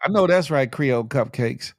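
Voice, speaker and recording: A man's voice: mid-range voice, expressive, moderate pace. Playful man reading live chat. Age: middle-aged. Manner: playful, laughing, slangy banter with viewers. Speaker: host of a morning livestream show.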